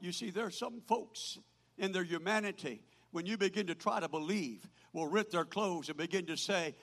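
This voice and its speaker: An older man preaching a sermon as pastor, swinging from loud proclaiming to quiet asides. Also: high voice, moderate pace. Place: church. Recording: hall reverb.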